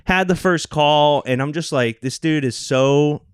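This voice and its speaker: A young man chatting on a podcast as its social media producer, telling animated stories, acting out quotes and swearing casually. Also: fairly high pitch, unhurried, smooth, no room sound, clean studio sound.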